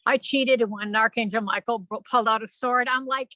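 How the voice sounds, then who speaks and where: A woman on a video call sharing a spiritual experience, rambling and animated, with playful asides. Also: fairly high pitch, fairly quick, dry recording, poor audio. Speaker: spiritual channeler.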